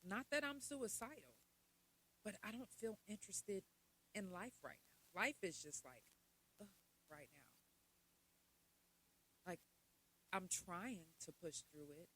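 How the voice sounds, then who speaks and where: Bright-voiced woman talking candidly. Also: unhurried, pauses often, low-quality recording. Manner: candid, animated, swings from loud laughing to low and quiet. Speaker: podcast host. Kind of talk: casual mental health talk.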